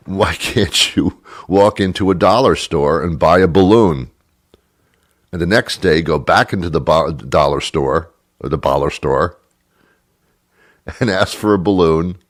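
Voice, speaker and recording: A man with a low voice hosts a talk show, rambling through a joking monologue. His pitch swings widely as he teases himself and his listeners. The studio sound is dry and close. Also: no room sound. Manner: chatty and self-mocking, slipping into silly put-on voices.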